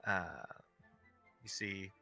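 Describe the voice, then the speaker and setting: A man runs a tabletop game as its narrator. He talks slowly and haltingly, with a bright, crisp tone, and soft music plays behind him. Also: low voice, monotone, no echo. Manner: rambling, halting narration with many fillers. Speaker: game master.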